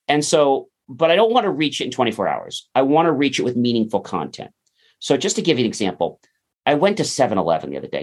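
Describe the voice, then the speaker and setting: A man, a podcast guest, talking casually and acting out the people in his stories. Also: lowish voice. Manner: animated, acts out quoted dialogue. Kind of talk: conversational interview storytelling.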